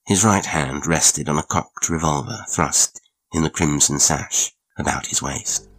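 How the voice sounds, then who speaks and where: A man narrating a classic adventure story in a measured, dramatic storytelling manner. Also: very deep voice, lively intonation, fairly bright tone, no echo. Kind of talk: scripted audiobook narration.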